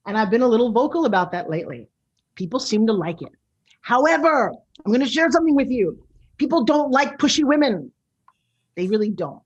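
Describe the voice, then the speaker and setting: A woman's voice: fairly high pitch, brisk, dull audio. Brash New York woman hosting a show. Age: 60s. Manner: loud, brash and animated. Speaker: show host. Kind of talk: casual talk-show monologue.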